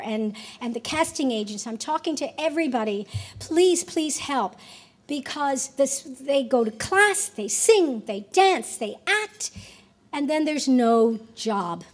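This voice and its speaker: An older woman from the United States gives a convention keynote speech, earnest and animated, often restarting her phrases and acting out quoted lines. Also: sits high. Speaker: keynote speaker. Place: convention hall.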